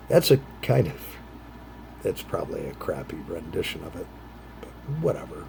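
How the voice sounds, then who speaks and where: Middle-aged guy rambling over his pipe, low voice, lots of ups and downs, trails off into mumbles. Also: very animated, normal speed, vocal fry, slight background noise. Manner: puts on bright, higher voices for quoted phrases. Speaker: vlogger. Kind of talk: casual chat while smoking a pipe.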